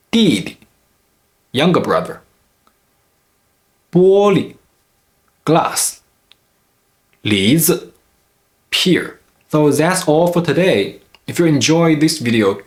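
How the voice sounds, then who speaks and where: A man teaching a scripted language lesson, explaining carefully and in a measured way, pausing to demonstrate example sounds. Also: medium pitch.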